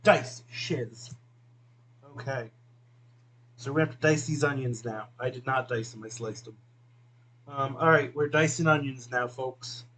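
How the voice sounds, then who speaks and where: In a mid-range, slightly bright voice, the video host talks a little slowly with long pauses, rambling and self-deprecating with plenty of fillers. He's cooking at home and chatting with a friend off camera while onions water his eyes. Audio is poor, with slight background noise.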